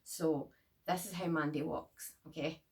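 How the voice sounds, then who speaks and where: Low, creaky rambling woman. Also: fairly even intonation, measured pace, darkish tone. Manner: rambling, chatty, lots of "like". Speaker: horror movie reviewer. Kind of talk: rambling casual movie review. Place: bedroom.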